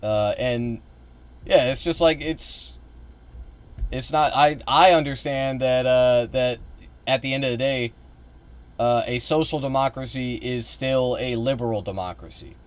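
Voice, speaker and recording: A young man streaming, reacting to a video in a rambling, halting way, with casual swearing. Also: medium pitch.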